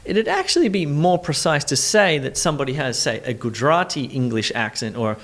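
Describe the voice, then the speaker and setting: Accent coach for a scripted explainer, lively pitch, clear and instructive. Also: brisk. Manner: clear, explanatory, asks the viewer questions.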